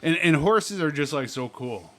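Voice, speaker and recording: A man's voice: fairly high pitch, lively intonation, normal speed, sharp tone. A man hosting a casual chat over drinks, rambling, laughing often and swearing freely. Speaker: podcast host.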